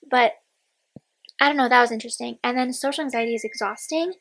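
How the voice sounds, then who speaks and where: A woman's voice: fairly high pitch, fairly even intonation, fast, fairly bright tone, poor audio. A woman in her twenties talking casually in a personal diary vlog, rambling and candid, sometimes dropping to a whisper. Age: 20s. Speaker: vlogger.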